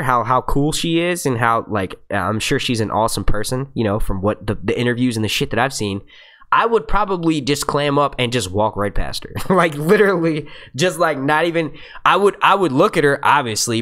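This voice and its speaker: A man's voice: medium pitch, a bit bright. A man hosting a casual live Q&A from his computer, rambling and restarting his sentences and swearing freely. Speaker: YouTube show host. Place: seated at a computer. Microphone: computer microphone.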